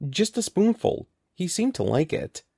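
A man voicing a lively young girl, pitching up high and talking breathlessly. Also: a little slow, vocal fry, slightly rough, no room sound, clean studio sound, exaggerated voice.

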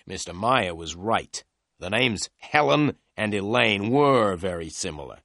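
A man narrating a detective story in clear, slow storytelling. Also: lowish voice, expressive, a bit bright, no room sound, studio quality. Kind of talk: scripted narration of a graded reader.

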